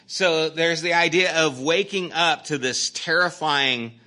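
Male pastor, sermon delivery, earnest and emphatic, bright tone. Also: medium pitch. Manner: earnest, emphatic preaching with conversational asides. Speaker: pastor teaching a Bible study series.

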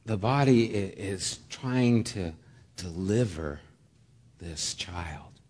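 Guy giving a sermon, funny story bits then goes real quiet and low, hall echo. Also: slow pace, breathy edge. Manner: animated storytelling with humor; drops to a soft low voice for solemn points. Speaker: pastor.

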